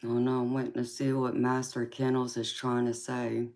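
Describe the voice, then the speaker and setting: A woman hosting a tarot livestream, chatting softly with viewers and calling them sweetheart and honey. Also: rumbling low, monotone, normal speed. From mixed Japanese, Polynesian, English, Irish and Scandinavian heritage. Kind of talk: casual livestream chat reading out viewer comments.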